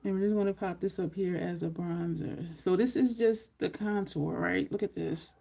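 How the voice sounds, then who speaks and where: A woman's voice: fairly low pitch, steady tone, normal speed, vocal fry, mellow. A woman chatting casually through a makeup tutorial at home, rambling into side stories as she goes. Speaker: makeup vlogger.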